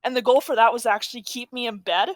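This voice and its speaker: A woman's voice: on the high side, fairly even intonation, fast, no room sound. Chatty young woman podcast co-host. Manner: rambling, self-correcting, chatty. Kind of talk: casual chat.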